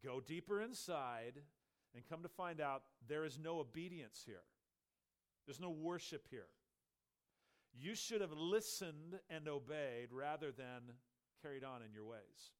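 Guy preaching a sermon, smooth clear voice, animated storytelling, acts out the characters. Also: a little high, measured pace. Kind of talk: sermon, Bible teaching.

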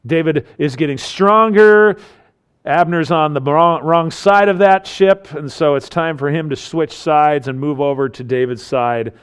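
A man's voice: measured pace, clean tone. A man teaching through a Bible passage, explaining its culture and acting out the quoted lines with rising emphasis. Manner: animated, acts out quoted lines with rising pitch and force. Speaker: preacher.

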